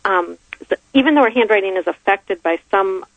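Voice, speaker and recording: A woman with a gravelly edge explains handwriting to a radio host with plain everyday examples. She comes through a thin, phone-like line. The sound is dry, with no room around it. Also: mid-range voice, a little fast, no room sound. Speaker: handwriting analyst guest.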